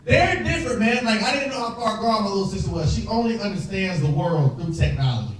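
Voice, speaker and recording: A young male comedian on stage, his voice a little high and swinging widely as he tells stories and acts out characters. The sound is very echoey, the mic is heard from a distance, and the crowd laughs in the background. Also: quick pace. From Dominican family. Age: young adult. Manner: animated storytelling, acts out voices, chats with the crowd. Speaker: stand-up comedian. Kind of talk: stand-up set with crowd work. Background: audience laughter.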